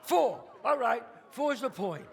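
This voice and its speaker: A man playing a loud, bossy, profane mob boss in a one-man stage show. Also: very high voice, big pitch swings, a little slow, vocal fry, full character voice. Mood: urgent. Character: brash swaggering mob boss man, middle-aged. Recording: live stage, long reverb, faint ambience.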